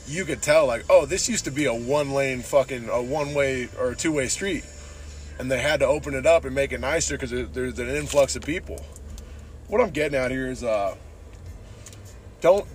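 A man from San Diego rants through a casual podcast while driving, rambling and profane, dropping "dude" into nearly every thought. His voice sits in an ordinary middle register. Soft music plays faintly behind him. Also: mid-range voice. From San Diego, Southern California. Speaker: podcast host.

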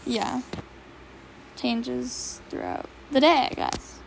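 A shy teenage girl chatting casually with a friend, a little mumbly at times. Her voice sits high with a gravelly, creaky texture, and there's faint background hiss. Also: drawn-out words. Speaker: vlogger. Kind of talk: casual chat.

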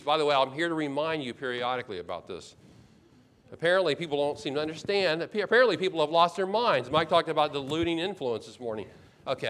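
Male pastor, sermon delivery, fairly high voice, emphatic and repetitive, slips into first-person asides. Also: a bit bright. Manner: expository preaching with emphatic repetition; acts out the speaker's complaints in first person.

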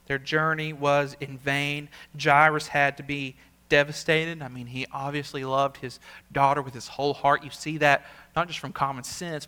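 A male senior pastor preaching a sermon. He speaks earnestly, repeats words for emphasis, and swings from emphatic peaks to quiet asides. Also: mid-range voice, clean tone.

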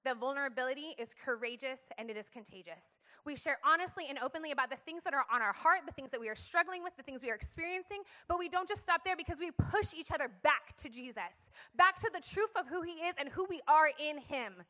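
Woman, young adult, high voice, church talk, passionate, emphatic. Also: expressive, fast talker, hardly any pauses, pushed and bright. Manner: passionate, emphatic, calls for audience response. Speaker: speaker sharing her story at church. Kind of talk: sermon-style talk to a church audience.

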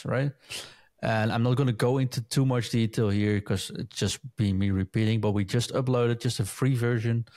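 A man hosting a casual podcast chat, leading the segments in a relaxed, chatty way. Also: mid-range voice. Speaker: podcast host.

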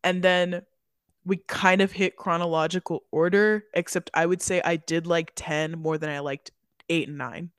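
A woman's voice: lowish voice, fairly even intonation, moderate pace, clean tone, no echo, studio quality. A woman co-hosting a film podcast, chatting casually, rambling with fillers and giggling often. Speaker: podcast co-host. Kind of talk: casual chat.

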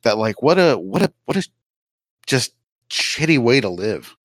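A man's voice: medium pitch, very animated, a little slow, no room sound, clean studio sound. A man co-hosting a podcast, talking loosely with lots of restarts and fillers. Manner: rambling, with many restarts and fillers. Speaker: podcast co-host. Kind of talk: casual chat.

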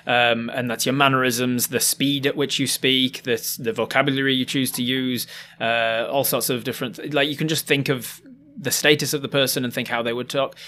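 Chatty man, animated and quick. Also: medium pitch, a little hiss or hum. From Yorkshire, England. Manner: chatty and animated, quick asides, laughs at himself. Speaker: guest, professional game master and voice actor. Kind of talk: casual podcast chat.

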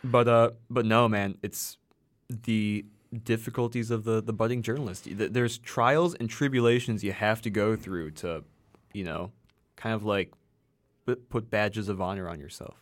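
A man's voice: lowish voice, fairly even intonation, normal speed. A young man from the American Midwest, co-hosting a casual chat, telling rambling stories and swearing freely. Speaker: podcast co-host.

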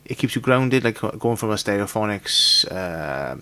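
A man's voice: on the low side, big pitch swings, a little slow, bright, forceful tone. A man hosting a podcast, asking the guest long, rambling questions full of "like" and "sort of.". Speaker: podcast host. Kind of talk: casual interview questions.

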